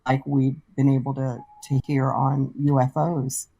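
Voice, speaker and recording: A woman guest in a casual online chat, earnest and thoughtful, pausing as she talks. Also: rumbling low, level tone, warm tone, husky, dry recording, poor audio. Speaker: guest scambaiter. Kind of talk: casual video-call chat.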